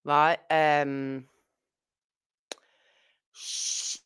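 Slow-talking Birmingham woman chatting. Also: low voice, level tone, a bit bright, smooth. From Birmingham, England. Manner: chatty, rambling, with fillers and asides. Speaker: livestream host. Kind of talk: casual chat to a live chat.

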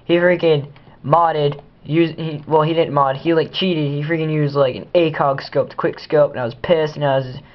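A man's voice: on the high side, steady tone, normal speed. A teenage boy doing casual gameplay commentary, goofy and rambling, talking to himself as he plays. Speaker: gamer. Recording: dull lo-fi home recording.

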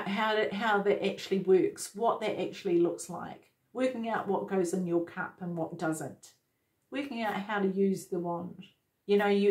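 Her voice is lowish and somewhat dark as she talks right to the viewer, offering a relaxed tarot reading full of effusive excitement.

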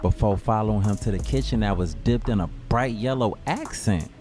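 A man's voice: lowish voice, moderate pace, music in the background. A man narrating a comic street story in slang, acting out the dialogue. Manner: slangy and animated, acts out dialogue.

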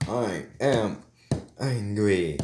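A man voicing a grumpy, stressed little dinosaur toy in a hobby play-acting video, growling and talking in halting, simple phrases. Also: fairly low pitch, animated, noisy background. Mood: angry. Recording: echoey room.

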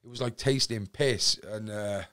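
A young man with a Cardiff accent, a podcast guest telling a story in a casual, animated way and acting out what people said. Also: on the low side, measured pace. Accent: Welsh, Cardiff. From Wales. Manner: animated, acts out quotes, swears freely.

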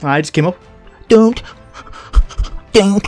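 A young man commentating his own gameplay in casual chat, excitable and swearing a lot, shouting taunts at other players. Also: high-pitched, normal speed, soft background music. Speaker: gaming channel host.

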